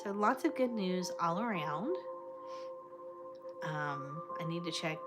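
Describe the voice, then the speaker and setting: A woman chats casually with her livestream viewers, affectionate and fond, calling them sweet names. Her voice sits a little low for a woman. Clear background music plays under her talk. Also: lively intonation, slow pace. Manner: chatty and affectionate, fond of terms of endearment. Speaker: livestream host. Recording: clear music playing behind the voice.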